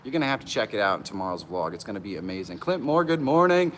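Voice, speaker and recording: An excitable middle-aged man hosting a live stream from an outdoor pavilion, greeting viewers by name and laughing often, a bit nervous. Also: lowish voice, quick pace, a little hiss or hum. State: nervous and stressed.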